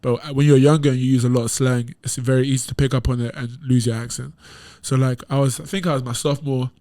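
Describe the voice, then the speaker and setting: A man's voice: medium pitch, fast. A young man from England with an English accent, a podcast guest chatting casually and telling stories with a lot of slang. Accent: English, London slang. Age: young adult. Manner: animated, laughing storyteller, heavy slang. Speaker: podcast guest, college basketball player. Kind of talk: casual chat.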